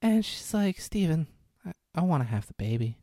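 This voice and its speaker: A man's voice: fairly high pitch, sing-song, moderate pace, dark tone, no room sound, clean studio sound. A man in a casual podcast chat, retelling a movie's scenes and quoting the characters' lines, often laughing. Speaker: podcast co-host recapping a film.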